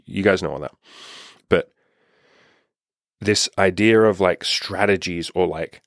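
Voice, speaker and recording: A man's voice: low-pitched, moderate pace, gravelly, no room sound, clean studio sound. A young man coaching on dating in a blunt, profane, impassioned casual monologue.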